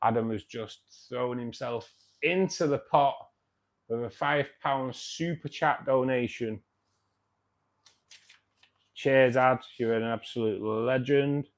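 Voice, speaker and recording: Speaking slowly with frequent pauses, a man in his fifties hosts a casual fish-keeping stream, joking and naming viewers to thank them. His medium-pitched voice comes through a dry throat.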